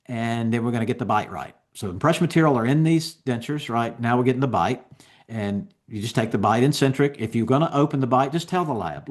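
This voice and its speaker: A man giving a continuing education lecture on dental technique, explaining each step in a relaxed, conversational way. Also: mid-range voice, fairly quick.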